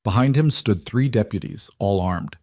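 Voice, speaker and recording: A man narrating a western story in a measured, dramatic way. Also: on the low side, expressive, darkish tone, no echo, studio quality. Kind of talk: scripted narration.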